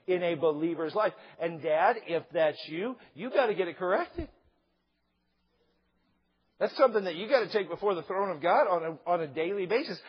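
A middle-aged male pastor preaching a sermon, animated and joking, acting out quotes along the way. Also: sits high, normal speed, breathy edge. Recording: slightly dull lo-fi sound.

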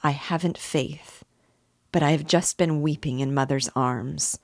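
Brooding bitter young guy read by a woman, dry close sound, low voice. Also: fairly even intonation, unhurried, dry recording. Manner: brooding, bursts into fury. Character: tormented young man, bitter and proud.

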